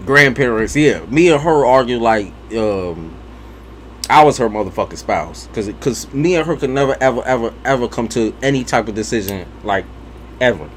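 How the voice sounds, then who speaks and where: A young man, a tarot reader, chatting casually and bluntly between readings, profane and animated in his storytelling. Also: mid-range voice, moderate pace, slight background noise. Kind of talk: casual live-stream chat.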